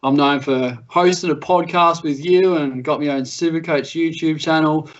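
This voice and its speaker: A man's voice: a little high, steady tone, normal speed. A young Australian man co-hosting a podcast, chatting casually and laughing his way through stories. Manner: laid-back storytelling, laughs through tales. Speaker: podcast co-host. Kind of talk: casual chat. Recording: muffled lo-fi audio.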